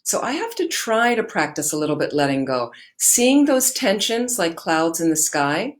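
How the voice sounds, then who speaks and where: Woman meditation teacher, slightly low voice, warm, encouraging Dharma-talk delivery. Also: big pitch swings, normal speed. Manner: gentle, encouraging, repeats key phrases. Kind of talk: Dharma teaching, answering questions.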